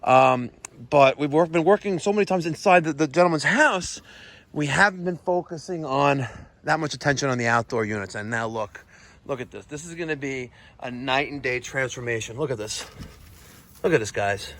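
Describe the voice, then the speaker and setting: A man, vlogging outdoors while servicing air conditioners, excitable and quick to exclaim and laugh. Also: medium pitch. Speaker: plumbing and HVAC contractor. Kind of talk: on-the-job vlog. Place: outdoors at a house.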